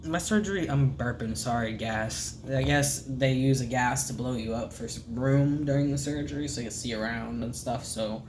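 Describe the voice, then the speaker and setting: A man talks straight to his camera in a relaxed vlog update, his voice sitting at an ordinary middle pitch. He rambles gently, stacking up ums and restarts, and often lets his sentences sink to a quiet hush. A faint hiss runs underneath. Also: moderate pace, hardly any pauses. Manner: soft-spoken, rambling, many fillers, often trails off to a hush. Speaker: vlogger. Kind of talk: casual recovery update vlog.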